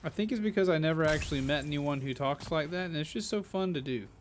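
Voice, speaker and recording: A man's voice: on the high side, quick pace, a little hiss or hum. A man giving casual live-stream commentary while playing a game, playful and rambling, full of jokes. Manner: playful, joking, rambling asides.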